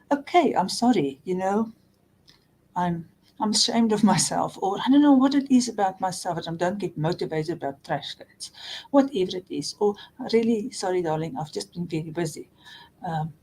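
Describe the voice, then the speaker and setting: In a talking-head advice video, a middle-aged female counselor with a dark, lowish voice works through relationship patterns earnestly and with much repetition. She frequently starts phrases over and voices sample quotes, with slight background noise and low-quality audio.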